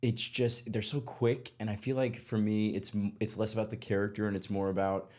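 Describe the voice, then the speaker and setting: A man's voice: on the low side, little pitch movement, a little fast, darkish tone. A man hosting an acting podcast, talking in a chatty, reflective way and laughing easily with his guests. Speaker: podcast host. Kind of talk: casual interview chat.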